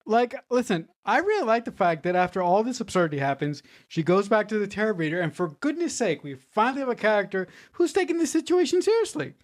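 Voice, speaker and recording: A woman's voice: mid-range voice, very animated. Woman trading blunt film opinions. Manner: halting restarts, blunt swearing. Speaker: podcast co-host. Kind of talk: casual movie review chat.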